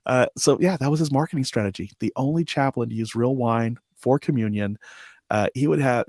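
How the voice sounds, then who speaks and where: Animated male storyteller, dry sound. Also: mid-range voice, fairly quick, no echo. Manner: animated storyteller, acts out quotes with laughter. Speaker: podcast guest. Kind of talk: storytelling interview.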